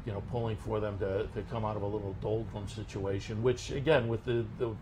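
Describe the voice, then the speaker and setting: Relaxed male radio host, faint background hum. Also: lowish voice, a little fast. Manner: relaxed, frequent fillers and restarts. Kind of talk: casual radio chat.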